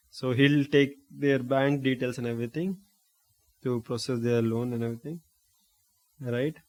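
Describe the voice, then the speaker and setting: A young man with an Indian English accent tells a long story from his own life. He rambles a little, corrects himself in mid-sentence and keeps tossing in "right?" to keep the listener with him. His voice sits at an ordinary middle pitch. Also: steady tone, moderate pace, pauses often, a little mellow. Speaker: host. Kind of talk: casual storytelling monologue.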